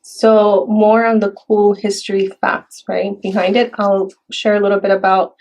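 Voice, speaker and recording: A woman from Mexico, chatting casually and softly, with many fillers. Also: mid-range voice, flat delivery, normal speed, low-quality recording. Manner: soft-spoken, with fillers and Spanish phrases. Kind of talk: casual chat.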